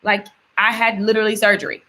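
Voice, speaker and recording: A woman's voice: mid-range voice, level tone, quick pace, sharp tone. An upbeat, chatty woman speaking straight to her viewers in a casual vlog. She runs through affirmations and everyday stories, and often says a word several times over for emphasis. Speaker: vlogger.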